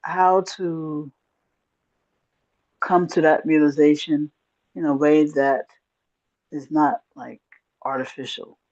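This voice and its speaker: Woman, low mellow voice, slow thoughtful caller, lo-fi line. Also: steady tone. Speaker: caller asking a question. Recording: dull lo-fi call audio.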